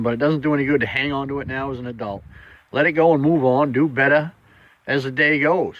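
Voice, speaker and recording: A man's voice: mid-range voice, a bit bright, lo-fi sound. A man giving a casual motivational talk as a vlogger, blunt and plainspoken with a folksy way of putting things.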